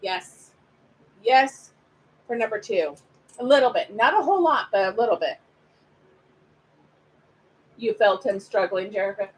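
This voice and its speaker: A woman's voice: mid-range voice, expressive, measured pace, pauses often, low-quality recording. A woman giving live spiritual readings to viewers, chatty and affectionate, calling them by pet names. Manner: chatty, speaks straight to viewers. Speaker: spiritual reader. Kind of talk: live-streamed card reading.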